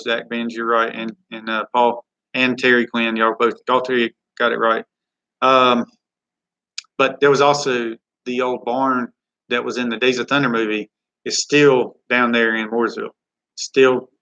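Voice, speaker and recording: Guy doing a live chat q&a in a studio, bright sharp voice, reads out viewer comments, rambles. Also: medium pitch, muffled recording. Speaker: live stream host.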